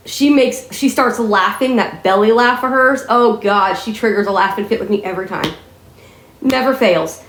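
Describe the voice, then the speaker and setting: A woman raised in the American South, chatting and telling stories in a rambling, casual way. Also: medium pitch. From Southern United States. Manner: chatty, rambling, often says "freaking". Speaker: vlogger. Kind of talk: casual storytelling chat. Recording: echoey room.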